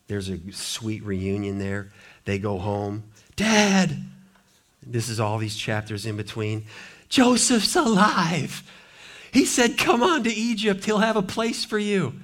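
A male pastor preaches a sermon and reads scripture aloud, swinging dramatically between hushed, low passages and loud, raised ones.

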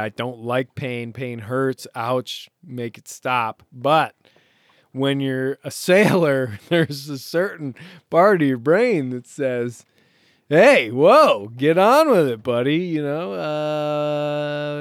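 A solo sailor podcaster talks casually while alone on a sailboat offshore, rambling, joking at his own expense, and laughing often. His mid-range voice comes through in studio quality with no echo.

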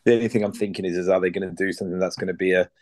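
A man's voice: deep voice, steady tone, rapid-fire, no echo. A man as a guest on a wrestling podcast, rambling and restarting his sentences as he gives his view. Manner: rambling, stumbles over restarts. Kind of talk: casual review chat.

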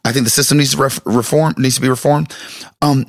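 A man's voice: medium pitch, steady tone, fast, no room sound, clean studio sound. A man in his thirties, a pastor, chatting casually and telling an emotional personal story with stumbling restarts.

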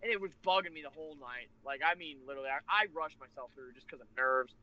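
A man casually telling a rambling, animated convention story with laughs and restarts. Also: fairly high pitch, quick pace. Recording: lo-fi muffled recording.

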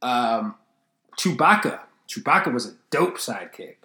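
A man's voice: mid-range voice, lively intonation, measured pace, sharp tone, reverberant. A man hosting a casual solo podcast, rambling and swearing freely while joking at his own expense. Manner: rambling, profane, self-deprecating. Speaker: podcast host.

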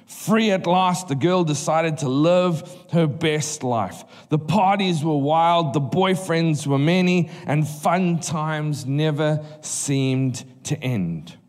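New man preaching in a reverberant hall. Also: on the high side. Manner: conversational, lively storytelling. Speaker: guest preacher. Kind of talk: sermon. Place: church hall. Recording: live hall reverb with faint music.

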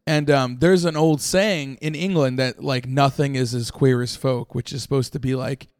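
A man co-hosting a comedy podcast, riffing in a loud, jokey, sarcastic way. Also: medium pitch, steady tone, moderate pace, clean tone, no room sound, clean studio sound. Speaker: podcast co-host. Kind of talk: comedic banter.

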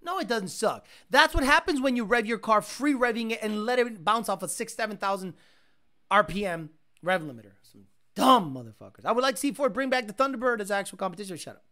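A man's voice: high-pitched, lively intonation, brisk. Profane, rambling man hosting a livestream. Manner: rambling, profane, mimics sounds with loud bursts. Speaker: livestream host. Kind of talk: casual livestream chat.

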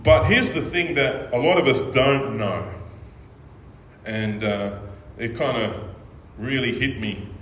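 Speaking slowly in a mid-range, slightly bright voice, a man preaches as a pastor. He keeps the sermon conversational and leans on frequent "right?" check-ins with his audience. Slight background noise sits under the echoey hall's faint ambience.

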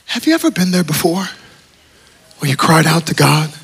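A middle-aged man preaching a sermon as pastor, telling stories with humor and swinging from hushed tones to shouts. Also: on the high side, sing-song, moderate pace, vocal fry, slightly rough. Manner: humorous, storytelling. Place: large church auditorium.

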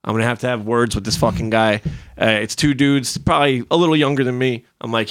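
A man's voice: mid-range voice, quick pace, no room sound, studio quality. A man in his thirties telling rambling, profane driving stories in a casual podcast chat, ranting as he goes. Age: 30s. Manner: profane, animated storytelling, rants. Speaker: podcast guest.

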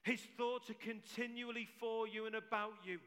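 A man delivers a sermon to a church congregation with a notably high, bright and forceful voice. He talks with emphatic conviction and keeps doubling his key phrases to drive them home. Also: little pitch movement, moderate pace, smooth. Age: adult with several children. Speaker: preacher.

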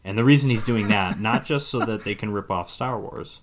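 A man's voice: on the low side, a little fast, a little hiss or hum. A man co-hosting a podcast, casually recapping a film's plot in a rambling way, hedging often. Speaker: podcast co-host. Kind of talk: casual movie recap chat.

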